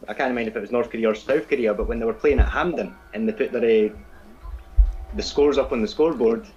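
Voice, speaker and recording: Male co-host, quick anecdote teller, muffled lo-fi mic. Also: mid-range voice, darkish tone. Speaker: podcast co-host. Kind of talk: casual chat. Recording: dull lo-fi sound.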